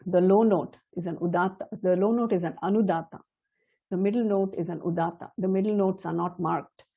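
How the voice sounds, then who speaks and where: A middle-aged woman teaching a chant, explaining slowly and carefully, now and then laughing softly. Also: lowish voice, fairly even intonation, creaky, husky, lo-fi sound. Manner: slow, measured and explanatory, with soft laughs. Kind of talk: spoken lesson with chanted demonstrations.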